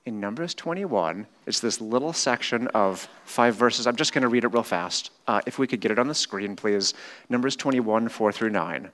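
A middle-aged man preaching a sermon in a church. He swings between loud, animated retellings and quiet, slow reflection. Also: lowish voice. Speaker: pastor. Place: church hall with a screen.

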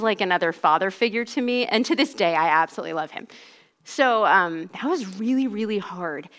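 A woman in her forties recounts a personal faith story in a relaxed, conversational way. She leans heavily on "like" and "you know" as she talks, and her voice sits at an ordinary pitch for a woman. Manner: conversational, heavy use of "like". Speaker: speaker giving a personal testimony. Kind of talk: casual spoken storytelling.

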